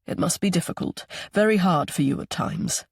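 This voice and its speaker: A man voicing a kind, regretful older grandfather who speaks gently and politely. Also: high-pitched, moderate pace, creaky, husky, no room sound, studio quality, full character voice. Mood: gentle.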